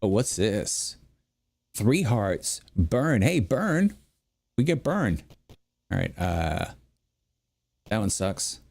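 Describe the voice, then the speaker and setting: A man's voice: fairly low pitch, very animated, drawn-out words, gravelly, pauses often, a little mellow. A middle-aged man chatting casually while playing a game, rambling through anecdotes with lots of fillers. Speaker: gameplay streamer. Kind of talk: casual gameplay commentary. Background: faint background music.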